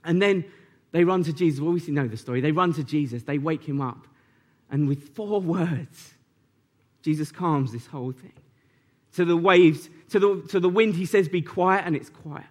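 A man with a notably high-pitched voice preaching a sermon. He talks in a relaxed, conversational way and builds into animated, lively retellings. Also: normal speed. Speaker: pastor.

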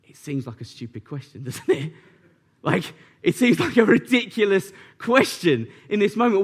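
A man with a notably high-pitched voice preaching a sermon. He talks in a relaxed, conversational way and builds into animated, lively retellings. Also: normal speed, breathy edge. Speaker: pastor.

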